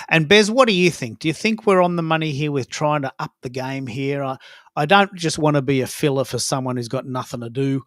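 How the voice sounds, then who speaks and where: A man's voice: a little high, brisk, fairly bright tone, no room sound. Enthusiastic male host, dry sound. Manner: enthusiastic, asks rhetorical questions. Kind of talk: casual panel chat.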